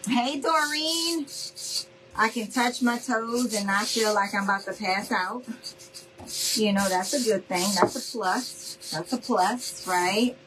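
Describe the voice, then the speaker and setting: A woman's voice: a little high, slow, noisy background. A middle-aged woman, chatting casually and folksily to her viewers while she does a craft project at home. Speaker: craft video host. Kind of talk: casual livestream crafting chat.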